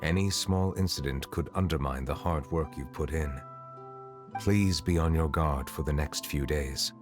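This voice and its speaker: An actor playing a grave, dignified male authority in a video game, measured and solemn. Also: very deep voice, music in the background.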